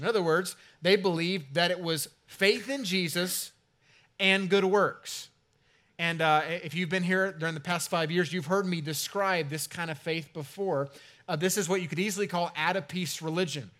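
Male pastor, higher-pitched voice, casual sermon delivery with playful asides to the congregation. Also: a bit bright. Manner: conversational, jokey asides to the congregation. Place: church sanctuary.

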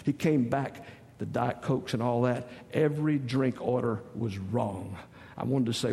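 A man's voice: medium pitch, steady tone, a little slow, mellow. A middle-aged man from the States, preaching a sermon in a folksy, joking, storytelling way. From Southern United States. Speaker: pastor. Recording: long reverb of a large hall.

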